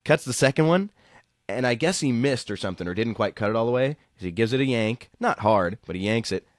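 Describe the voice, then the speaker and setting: A young man telling anecdotes in a casual podcast chat, voicing the people he quotes in high tones. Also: animated, brisk, no echo, clean studio sound.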